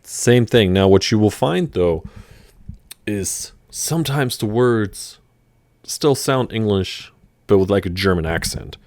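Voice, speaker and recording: A man giving a relaxed, chatty language lesson, with fillers and restarts. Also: fairly low pitch, takes it slowly, dry recording. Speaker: language teacher. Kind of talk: casual vocabulary lesson.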